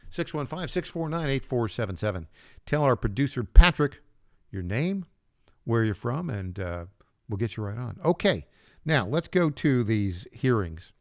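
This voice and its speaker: A man's voice: medium pitch, big pitch swings, normal speed, a little mellow, dry recording, studio quality. A man hosting a political talk radio show, making wry asides and chuckling at his own jabs as he introduces clips.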